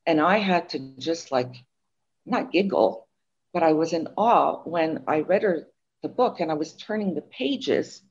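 Older woman, slightly husky, chatty. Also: deep voice, unhurried, muffled recording. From Montreal, Canada. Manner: chatty, animated storytelling with fillers. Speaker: guest author. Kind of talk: interview chat.

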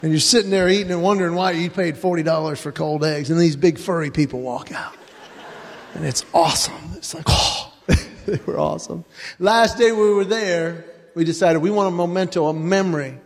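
A man's voice: a little high, moderate pace, long reverb tail. A man doing stand-up comedy before a live audience, animatedly telling family stories.

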